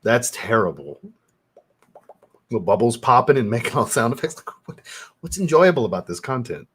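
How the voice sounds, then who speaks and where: A man's voice: mid-range voice, very animated, normal speed, a bit bright, a little hiss or hum. A man hosting a fragrance livestream, chatting casually with viewers, laid-back, swearing freely and laughing often. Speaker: fragrance reviewer and channel host.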